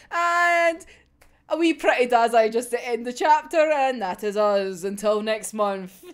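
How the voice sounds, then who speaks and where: A young woman reacting to a comic chapter, laughing constantly and swearing freely. Her voice sits high and swings widely in pitch. She talks at an unhurried pace. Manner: giggly, sweary, animated. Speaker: manga reviewer.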